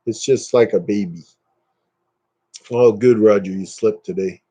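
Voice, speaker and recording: A man hosting a casual live stream, chatting with viewers and ranting dismissively, his pitch jumping up when he gets worked up. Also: measured pace, dark tone, husky.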